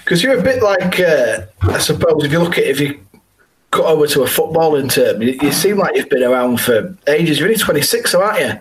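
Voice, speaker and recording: A man's voice: a little high, lively intonation, fairly quick, low-quality recording. A man hosting an interview, asking chatty, leading questions. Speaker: host.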